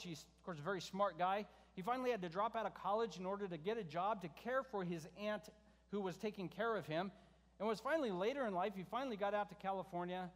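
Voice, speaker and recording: A man preaching a verse-by-verse sermon, conversational, often asking the congregation questions and shifting his pitch for emphasis. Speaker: pastor. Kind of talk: expository sermon. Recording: reverberant hall sound.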